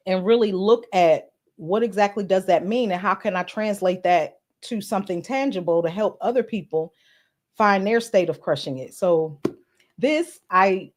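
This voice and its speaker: On a live stream, a woman podcast host greets her commenters by name and chats casually and earnestly, dropping in some filler words. Her voice is mid-range with a darkish tone.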